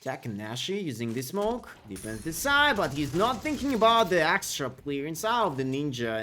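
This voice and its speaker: Excitable male esports caster, high and lively. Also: normal speed, few pauses, slight background noise. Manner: excitable, rising to loud peaks on big plays. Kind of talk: play-by-play commentary.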